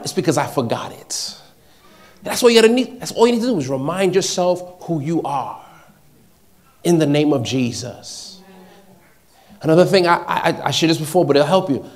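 A man with a fairly high voice delivering a sermon before a congregation. He preaches with emphasis, repeating key phrases and moving between hushed, personal lines and loud, ringing declarations.

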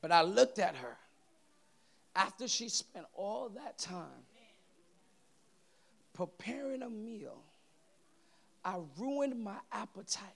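Gravelly high-voiced shouting preacher. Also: male voice, slow, pauses often. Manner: animated, shouting to the congregation, playful. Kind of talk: sermon with storytelling and humor.

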